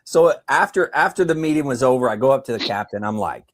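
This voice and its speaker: Laughing, lively-voiced man telling stories. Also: mid-range voice, fast talker, hardly any pauses. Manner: animated, laughs often. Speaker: military veteran guest. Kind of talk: casual storytelling chat.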